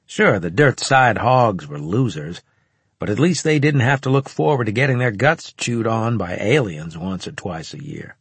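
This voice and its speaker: A man narrating a first-person audiobook in a steady, measured manner. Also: lowish voice, husky, no room sound.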